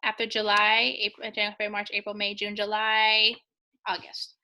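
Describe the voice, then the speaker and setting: A woman's voice: medium pitch, monotone, a little fast, bright, forceful tone, poor audio. A woman teacher talking students through a math review, chatty and encouraging, joking with the class as she counts out answers.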